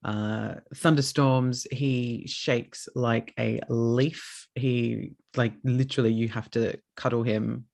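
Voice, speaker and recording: A man's voice: mid-range voice, steady tone, slow pace, creaky, few pauses, a little mellow. A young man hosting a podcast, chatting casually and acting out his dogs with swearing and put-on voices. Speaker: podcast host. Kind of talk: casual chat.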